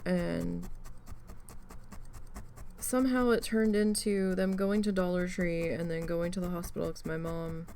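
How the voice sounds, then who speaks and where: Crafting host, woman, gravelly fry, rambly storyteller with lots of ums, faint noise. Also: on the low side, a little slow, pauses often. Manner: rambling, animated, swears freely, many fillers. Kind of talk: casual storytelling while crafting.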